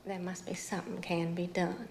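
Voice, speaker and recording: A woman's voice: fairly low pitch, steady tone, moderate pace, vocal fry, darkish tone. An actress playing a devoted mother of a young boy, speaking firmly and protectively. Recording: noisy film audio.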